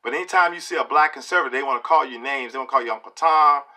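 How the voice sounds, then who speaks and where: A middle-aged man talks straight to camera in a vlog, sounding preachy and emphatic and checking in with his listeners. His voice is bright and forceful at an ordinary male pitch. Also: racing. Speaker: video blogger. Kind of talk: opinion monologue to camera.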